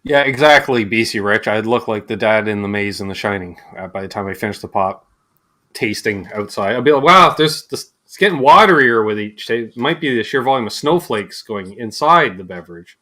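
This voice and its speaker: Canadian male host, casual joker, lively pitch and bright tone. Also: fairly quick. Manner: joking, animated storytelling. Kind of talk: casual livestream chat.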